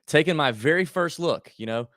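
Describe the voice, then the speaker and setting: A man's voice: a little high, lively intonation, moderate pace, fairly bright tone, no room sound, studio quality. A man hosting a golf betting livestream, chatting casually and thinking aloud with lots of fillers and restarts. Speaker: golf betting podcast host.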